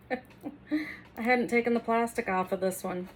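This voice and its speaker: A middle-aged woman who makes over furniture speaks slowly in a fairly high voice, with slight background noise. Painting and working in her home workroom, she chats casually and self-deprecatingly to the camera in a DIY tutorial style.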